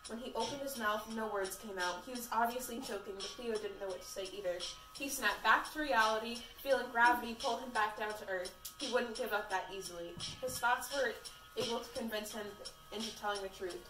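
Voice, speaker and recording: A woman's voice: a little high, brisk, pushed and bright. A woman reading fan fiction aloud in a casual, amateur way. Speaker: fanfiction reader. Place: room at a party. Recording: echoey room, mic far off, faint music.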